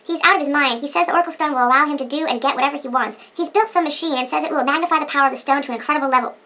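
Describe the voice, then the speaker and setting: A woman voicing a young runaway heiress, reading the game dialogue quickly. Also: high voice, pushed and bright, pitched above the performer's own voice. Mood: confiding.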